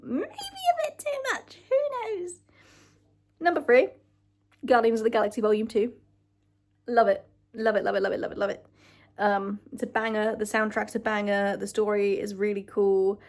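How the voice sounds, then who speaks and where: Young woman vlogger, casual gushing chat, emotional, swears a lot, mid-pitched voice. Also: level tone, normal speed. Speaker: vlogger ranking films.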